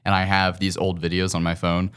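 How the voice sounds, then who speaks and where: A man's voice: low-pitched, monotone, brisk, a bit bright, clean tone. A teenage guy guest from Tennessee, speaking earnestly and articulately in a casual interview. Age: teens. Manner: earnest and articulate, laughs easily.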